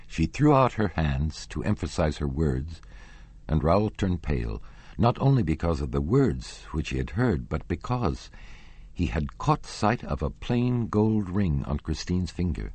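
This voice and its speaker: A man narrating a classic novel as an audiobook, measured and expressive. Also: very deep voice, breathy edge, dry recording. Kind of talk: scripted narration.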